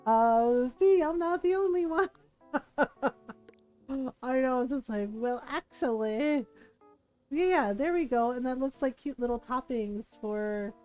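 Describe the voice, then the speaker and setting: A woman's voice: on the high side, lively intonation, takes it slowly, long pauses, mellow, faint music behind. A woman streaming a life-sim game, chatting casually, telling stories and laughing often. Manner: chatty, storytelling, laughs often, playful quoted voices.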